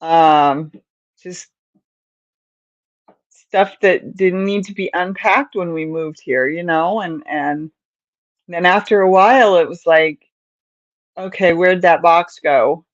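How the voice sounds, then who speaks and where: Slow, rambling older woman on a livestream. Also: on the low side, no room sound, muffled recording. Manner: rambling, chatty, reads out viewer comments, chuckles often. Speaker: crochet livestream host. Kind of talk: casual chat while crocheting.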